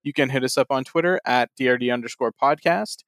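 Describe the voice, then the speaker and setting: A man's voice: medium pitch, quick pace, a bit bright, no echo, clean studio sound. A young man hosting a casual podcast, easygoing and laughing often as he runs the segments. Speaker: podcast host.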